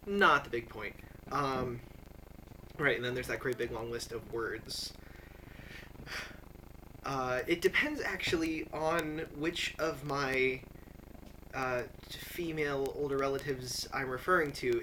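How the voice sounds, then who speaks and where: A man's voice: medium pitch, takes it slowly, long pauses, pushed and bright, slight background noise, low-quality recording. A young man from the Midwest, chatting casually and hesitantly with wry asides as he reads through a word list. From American Midwest. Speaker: vlogger. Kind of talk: casual chat reading a word list aloud.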